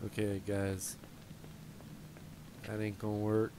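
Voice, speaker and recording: A man's voice: fairly low pitch, completely flat delivery, slow pace, background noise. A man giving casual let's play commentary on a headset, thinking aloud and chatting to the characters on screen. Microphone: gaming headset.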